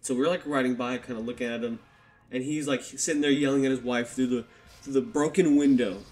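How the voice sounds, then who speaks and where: A man's voice: mid-range voice, fairly even intonation, quick pace, a little mellow. Foul-mouthed young man telling a story. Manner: casual, swears heavily, acts out quotes. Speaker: YouTuber telling a personal story. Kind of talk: storytime vlog. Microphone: desktop USB microphone.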